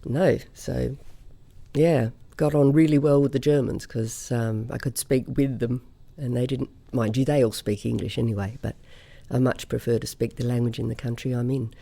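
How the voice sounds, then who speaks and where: A woman's voice: a bass voice, fairly even intonation, vocal fry, dark tone. A middle-aged woman from Australia, a singer telling stories in a casual interview and laughing easily. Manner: chatty storyteller, quick to laugh.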